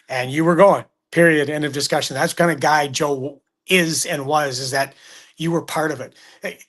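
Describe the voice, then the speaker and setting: A middle-aged man talks hockey in a relaxed, chatty way. His voice sits a bit high for a man, and he slips into quoted voices as he tells his stories. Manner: animated storyteller, acts out quotes. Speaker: hockey broadcaster guest. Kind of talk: casual sports chat.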